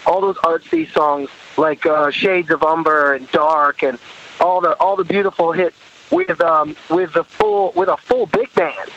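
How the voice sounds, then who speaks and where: A man, a horn arranger, telling stories in an interview, animated, laughing often and acting out what others said. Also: on the high side, measured pace, lo-fi sound. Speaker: guest musician, horn arranger. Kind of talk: storytelling interview.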